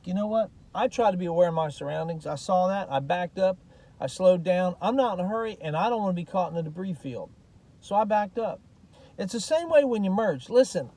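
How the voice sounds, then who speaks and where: A man's voice: high voice, dark tone. A folksy, plain-spoken man venting in a casual vlog, middle-aged and from the United States, circling back with repeated asides. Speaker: vlogger.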